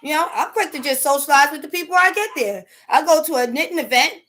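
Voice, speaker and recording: A woman with a high, light voice talks straight to her viewers in a casual motivational live stream. She is preachy and emphatic, with loose slangy grammar, and she keeps checking in with "okay?". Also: fast, sharp tone. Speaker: host.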